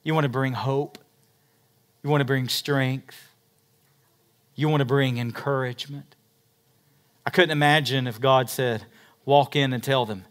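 Middle-aged male pastor, dynamic sermon delivery, mid-pitched voice, swings from booming emphasis to hushed lines. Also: fairly even intonation, a little slow, pauses often.

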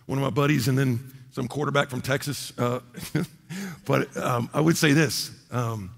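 A man preaching a sermon as a pastor, impassioned and swinging from loud to hushed. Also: mid-range voice, a little slow, creaky, slightly rough, in a large hall.

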